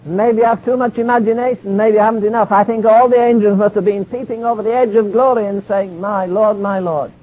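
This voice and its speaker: A man's voice: high voice, steady tone, fast, hardly any pauses. A man preaching a sermon, reading scripture in old King James wording. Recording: dull lo-fi archive sermon recording.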